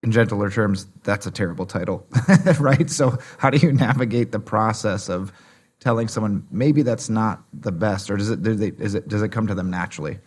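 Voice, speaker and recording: A man's voice: lowish voice, moderate pace, a little mellow. A man hosting a podcast interview, asking long questions with many restarts and fillers. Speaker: podcast host. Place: conference venue.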